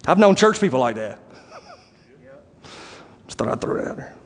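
A man preaching a sermon, animated and acting out the voices of the people he describes. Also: on the high side, normal speed, creaky. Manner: animated, acts out quoted voices, rising to shouts. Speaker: pastor. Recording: long hall reverb.

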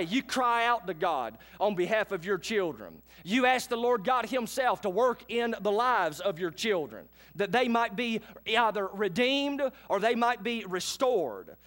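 A man's voice: high-pitched, a bit bright. A pastor delivering an earnest sermon to his congregation, telling the scripture story vividly and asking the listeners direct questions.

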